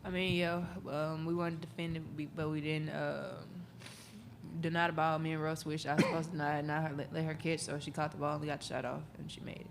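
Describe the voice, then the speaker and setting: A young woman, a college basketball player, answering in a soft-spoken, hesitant way with many fillers. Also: low voice, level tone, fast, creaky, noisy background. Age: young adult. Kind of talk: postgame press conference answers.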